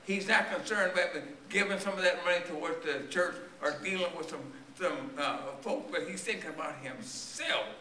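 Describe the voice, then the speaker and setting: Male preacher, voice worn and straining, bright and forceful tone, tells a story in his sermon, church echo, mic far off. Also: sits high, moderate pace, hardly any pauses, slight background noise. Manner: storytelling sermon with call-and-response questions to the congregation. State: voice strained and tiring. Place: church sanctuary. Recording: echoey church recorded from a distance.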